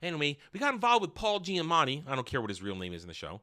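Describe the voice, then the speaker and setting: A sarcastic man rambles through a casual show recap with profane asides. His voice is sharp and forceful, and his pitch swings in a lively way. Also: rapid-fire. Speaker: TV review host. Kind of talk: casual spoken review recap.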